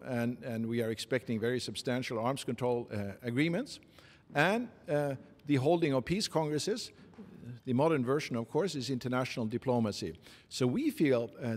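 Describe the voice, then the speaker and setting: A man with a Norwegian accent giving formal interview answers in a halting, measured way, with many pauses and fillers. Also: mid-range voice. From Norway. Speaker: interviewee, committee secretary. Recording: long reverb.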